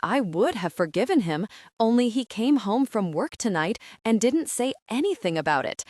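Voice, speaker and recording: A woman's voice: on the high side, very animated, normal speed, a little mellow, no echo, studio quality, voice pushed up. A woman voicing a bubbly, dramatic Southern sister-in-law with a Georgia twang. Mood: aggrieved. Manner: twangy, trilling, indignant.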